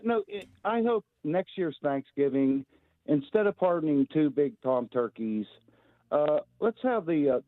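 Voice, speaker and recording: A male caller on a radio show, speaking in a plain, somewhat halting way. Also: on the high side, no room sound. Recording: tinny phone line.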